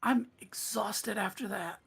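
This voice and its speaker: A woman's voice: medium pitch, unhurried, creaky, pitched above the performer's own voice. A woman voicing a timid, eager young boy in a tabletop game, speaking nervously and politely. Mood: tired.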